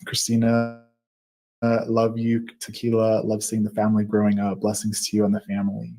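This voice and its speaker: A man's voice: lowish voice, monotone, normal speed. Man, 30s, live-stream host reading chat aloud, chatty, laughs a lot, fillers between comments. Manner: warm, laughs often, reads with fillers.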